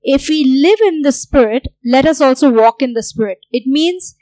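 A woman's voice: sits high, lively intonation, moderate pace, mellow, no room sound, rough recording. A woman pastor preaching a sermon, earnest and repeating key phrases for emphasis.

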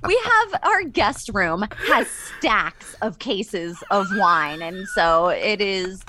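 A woman's voice: medium pitch, sing-song, takes it slowly, background noise. A woman being interviewed as a podcast guest, talking bluntly and profanely with frequent laughs. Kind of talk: casual interview chat.

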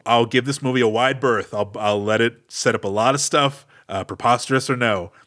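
A male podcast co-host muses wryly about an action movie during casual chat, questioning things and thinking aloud with fillers. His voice is medium in pitch, a little fast, and a bit bright.

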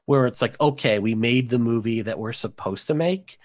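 A man's voice: medium pitch, moderate pace, a little mellow. A man co-hosting a podcast, rambling casually about horror movies with many fillers. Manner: rambling, lots of "like" and "um". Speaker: podcast co-host.

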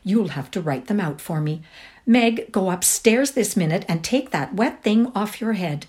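A woman voicing a fussy, flustered upper-class mother who gives brisk orders in a raised voice. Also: mid-range voice, lively intonation, a little mellow, voice pushed up, natural voice. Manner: dreamy and vague, then brisk and commanding.

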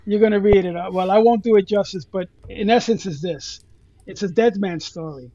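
A man's voice: sits high, a little fast, dark tone, dull audio. A man co-hosting a podcast, loosely retelling a story in casual chat and leaning on "you know" fillers. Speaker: podcast co-host.

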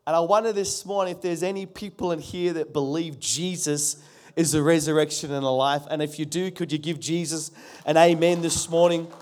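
A man's voice: a little high, fairly even intonation, fairly quick, a little mellow. A pastor preaching a sermon earnestly, asking his congregation rhetorical questions and calling for their response.

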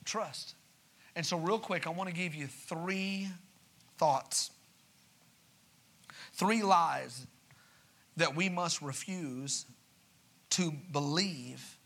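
A man preaching a sermon in a church. He reads scripture quietly, asks the congregation for responses, and then builds to raised, urgent preaching. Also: on the high side, extremely slow, pauses often.

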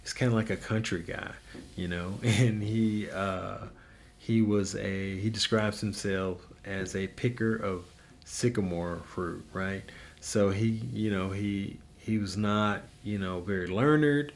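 A man teaching a Bible passage as a pastor, earnest and encouraging, often pausing with ums and restarting his sentences. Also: on the low side, steady tone, gravelly, slight background noise.

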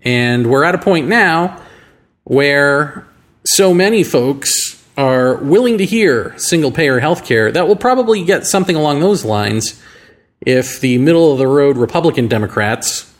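A man hosting a show, talking through ideas in a musing monologue full of rhetorical questions and slow, deliberate phrasing. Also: on the high side, animated. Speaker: podcast host. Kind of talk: reflective monologue.

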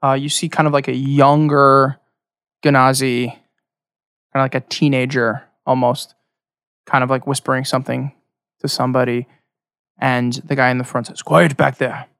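A man runs a tabletop game, describing the scene in a loose, rambling way. His voice has a gravelly edge, and it sounds close and dry. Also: medium pitch, little pitch movement, normal speed, pauses often, fairly bright tone, no echo. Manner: loose descriptive narration with many fillers. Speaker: game master.

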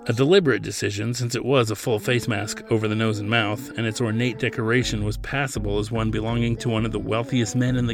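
Gravelly male audiobook narrator. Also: medium pitch. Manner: steady storytelling, plays character lines lightly. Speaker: author and podcast narrator.

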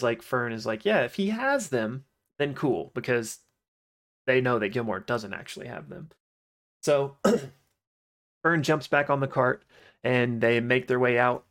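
Guy recapping a game episode, loose and chatty, lots of likes and you knows, mid pitch. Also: a bit bright. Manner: loose retelling with many fillers. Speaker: podcast host recapping an episode. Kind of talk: casual recap chat.

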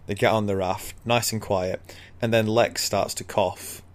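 Low-voiced man retelling a story. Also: fairly even intonation, unhurried. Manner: easygoing storyteller, laughs often. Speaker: podcast co-host.

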